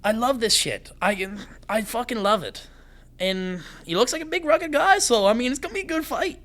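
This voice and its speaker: A young man from Canada, a fighter guest on a podcast, talking fast and excitedly and swearing freely. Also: very high-pitched. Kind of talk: casual podcast conversation.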